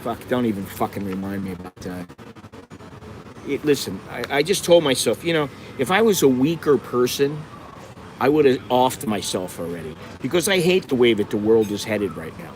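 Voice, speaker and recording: A man's voice: medium pitch, sing-song, moderate pace, a little hiss or hum, poor audio. Foul-mouthed middle-aged man ranting. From United States. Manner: heavy swearing, blunt, digressive storytelling. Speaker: vlogger. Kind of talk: profane live-stream rant. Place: indoors by a window, city traffic outside. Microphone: phone set on a windowsill.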